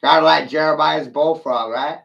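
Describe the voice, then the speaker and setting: A man's voice: on the high side, steady tone, moderate pace, vocal fry, fairly bright tone, highs cut off. A man in a rambling, taunting monologue, brash and profane, laughing at his own jokes. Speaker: vlogger ranting to camera.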